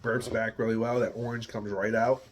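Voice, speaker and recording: A man's voice: on the low side, little pitch movement, moderate pace, slight background noise. A man from the United States giving a casual, rambling beer tasting review, searching for words and swearing now and then.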